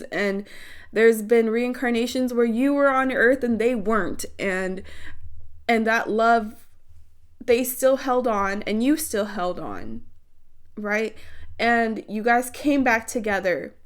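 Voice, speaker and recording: A young woman doing a spiritual card reading, slow, teary and earnest as she speaks straight to her viewers. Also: on the high side, clear, resonant tone. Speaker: tarot reader.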